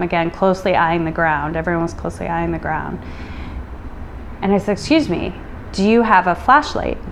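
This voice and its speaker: A middle-aged woman from the United States recounts her experience in a low, earnest voice. She talks with feeling, quoting what others said. A faint hiss of noise sits under the recording. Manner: emotional, recounting with reported dialogue. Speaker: guest. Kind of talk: personal storytelling.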